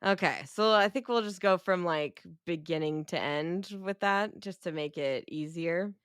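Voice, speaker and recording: A young woman talks through a film on a podcast in a loose, chatty way, swearing often and slipping into quick impressions of the characters. Her voice sits on the low side and sounds close and dry. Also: fairly bright tone, clear, resonant tone, no echo. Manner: chatty, swears freely, acts out characters' lines. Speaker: podcast co-host. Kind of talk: casual movie review chat.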